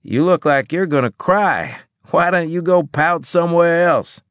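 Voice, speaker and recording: A man putting on a raspy, surly revived soldier. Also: mid-range voice, animated, a little slow, fairly bright tone, dry recording, voice pushed up. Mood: crude.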